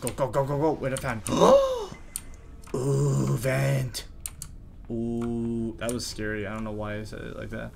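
A man doing horror game commentary, jittery, chattering to himself and quick to panic. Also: mid-range voice, flat delivery, vocal fry, noisy background. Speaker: gaming YouTuber.

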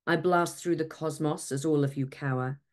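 A woman's voice: deep voice, steady tone, normal speed, close to an everyday voice. A woman voicing the arrogant, roaring Sun. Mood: furious. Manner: barking, roaring threats. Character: arrogant boastful male Sun, huge and hot-tempered. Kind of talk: storybook read-aloud.

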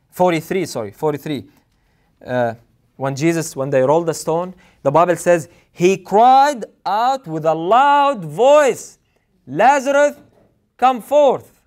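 A man preaching a sermon in an earnest, emphatic way, repeating phrases for weight. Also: fairly high pitch.

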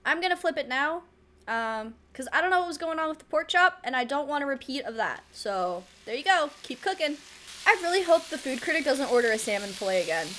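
A woman's voice: sits high, big pitch swings, brisk, a bit bright, slight background noise. A woman giving casual gameplay commentary, flustered and self-mocking, laughing often. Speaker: let's play gamer.

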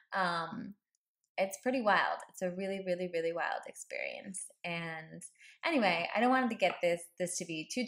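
A woman's voice: on the low side, a bit bright. A woman podcast host telling a personal story in a casual, chatty way, laughing often and filling with likes and ums.

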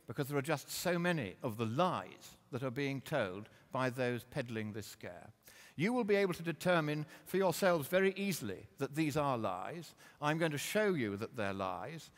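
A man's voice: a little high, a bit bright. A man giving a combative, mocking lecture with slides in a large hall. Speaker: public speaker.

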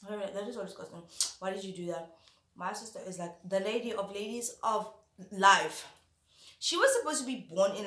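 A woman's voice: mid-range voice, fairly bright tone, reverberant. A woman chatting theatrically while eating spicy food, sometimes talking with her mouth full. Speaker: YouTuber. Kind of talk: casual eating vlog chat.

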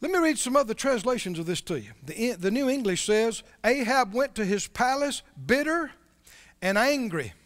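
A man with a very high voice preaches a sermon, asking his listeners questions as he reads aloud. His voice rings with the long reverb of a church hall. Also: animated, moderate pace, a bit bright. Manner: conversational preaching, asks the congregation questions. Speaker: pastor.

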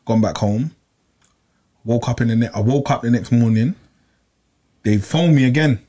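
A young man, telling a long personal story in casual chat, animated and repeating himself, full of slang. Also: mid-range voice, moderate pace. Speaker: podcast regular.

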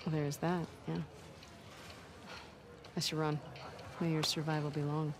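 A woman's voice: low-pitched, little pitch movement, measured pace, background noise. An actress voicing a tough, guarded young woman soldier in video game dialogue, talking in dry, curt replies.

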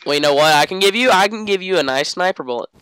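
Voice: medium pitch, lively intonation, fast, a bit bright, smooth, poor audio. A live streamer chatting casually and jokingly while playing a game, prone to mock-dramatic outbursts. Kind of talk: casual gaming chat. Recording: electronic music playing behind.

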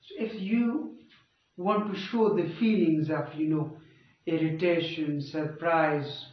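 A man giving a grammar lecture in a classroom, often stopping to check that listeners follow. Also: fairly high pitch. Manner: checks understanding with frequent rhetorical prompts. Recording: echoey, dull room sound from far off.

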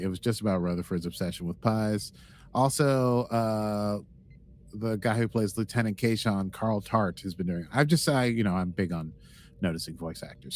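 A man's voice: fairly low pitch, a little mellow, slight background noise. A man co-hosting a podcast in casual chat, rambling and playful, with lots of fillers. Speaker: podcast co-host.

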